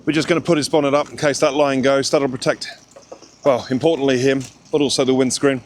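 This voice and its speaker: A man's voice: medium pitch, flat delivery, a little fast, slight background noise. A man vlogging outdoors in the snow, chatty and reassuring as he gives directions. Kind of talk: casual vlog chat.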